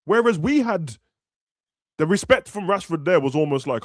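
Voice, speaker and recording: A young man talks football on a live podcast, slangy and animated, acting out players in raised voices. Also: on the high side, normal speed, no echo, clean studio sound. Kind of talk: casual football chat.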